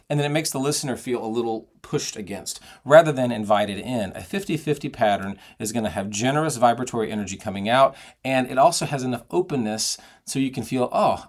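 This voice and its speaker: A middle-aged man giving a singing lesson, explaining and demonstrating vocal technique. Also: mid-range voice. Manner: explanatory, demonstrates sounds and sung phrases. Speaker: singing voice teacher.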